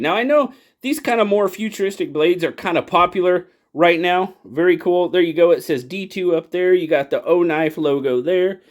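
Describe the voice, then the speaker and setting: A man's voice: sits high, moderate pace, hardly any pauses. A man hosting his own channel, chatting enthusiastically through a casual product review and exclaiming over the details. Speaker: knife reviewer and channel host.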